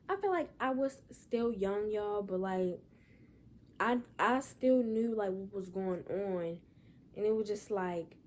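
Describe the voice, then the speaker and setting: A young woman talks straight to camera in a personal vlog, her voice pitched in the middle range. She is close to crying and keeps returning to "y'all" and "like" as she rambles. A faint hiss of noise sits behind her. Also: a little mellow. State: holding back tears. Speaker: vlogger.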